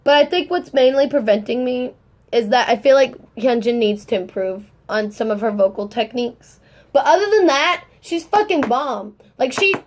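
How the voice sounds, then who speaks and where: A young woman vlogging in casual chat, gushing and excitable, rambling and swearing as she talks. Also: sits high.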